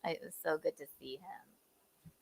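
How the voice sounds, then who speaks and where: A woman chatting casually and showing pictures, sounding excited about them. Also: low-pitched, a little slow, vocal fry, husky, low-quality recording. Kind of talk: casual chat.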